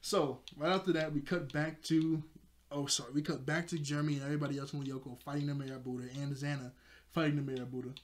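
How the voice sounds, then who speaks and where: A man's voice: a little high, fairly even intonation, fast talker. A young man casually recapping a cartoon episode, rambling with lots of fillers and frequent laughs. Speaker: video reviewer.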